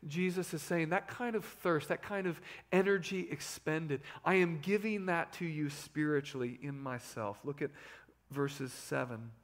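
A man in his thirties preaching a sermon as pastor, swinging between loud emphasis and hushed asides. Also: fairly high pitch, measured pace.

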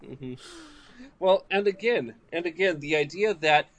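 A man's voice: on the high side, animated, measured pace. A man co-hosting a casual book discussion, talking with frequent hesitations and restarts. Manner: hesitant, many restarts and fillers.

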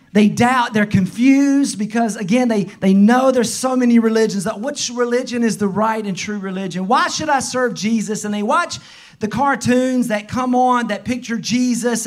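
A young adult pastor with a Southern US accent preaching a sermon, emphatic and repetitive, swinging from soft, low passages to shouted calls. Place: church sanctuary.

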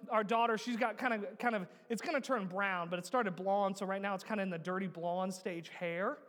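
A man in his thirties preaching a sermon, swinging between loud urging and hushed emphasis and asking the congregation rhetorical questions. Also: high-pitched. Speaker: pastor. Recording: long reverb of a large hall.

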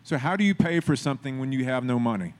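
A man's voice: medium pitch, lively intonation, fast talker. A man preaching a sermon in a conversational way, building to emphatic, repeated phrases. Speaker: pastor.

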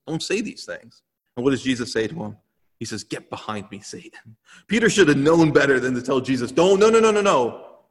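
A male pastor giving an earnest, emphatic sermon in a church sanctuary. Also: mid-range voice. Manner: earnest, emphatic preaching with repeated phrases. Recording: long hall reverb.

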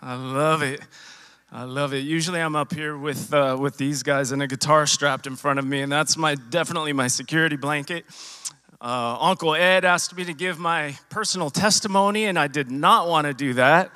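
A man's voice: on the high side, pushed and bright, dry recording. Church musician, man, tenor-ish, emotional testimony, lots of restarts, dry close sound. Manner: emotional, halting, many restarts and repeats. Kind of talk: personal testimony to a congregation. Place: church sanctuary. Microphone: handheld microphone.

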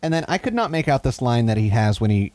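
A man co-hosting a podcast in casual chat, recapping scenes in a wry, deadpan way. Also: mid-range voice, fast, no echo. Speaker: podcast co-host.

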